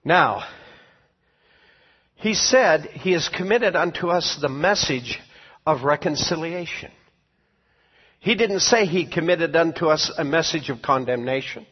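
A man with a fairly high, husky voice preaches a sermon, pressing his points hard and letting his volume rise and fall. The recording is dull and muffled. A long reverb trails after him as in a large hall. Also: expressive, a little slow, long pauses. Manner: emphatic preaching, rising and falling in volume. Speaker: pastor and teacher.

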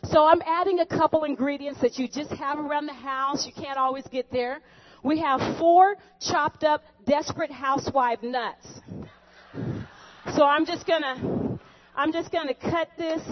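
A woman's voice: sits high, unhurried, slight background noise. A woman hosting a comic cooking show skit, chatty and joking with the viewers. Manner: chatty, jokey, talks to viewers. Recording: dull lo-fi recording.

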